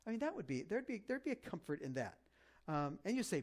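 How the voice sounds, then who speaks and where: A man preaching a conversational sermon as pastor, joking and animated, with lots of fillers and restarts. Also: a little high, a little fast.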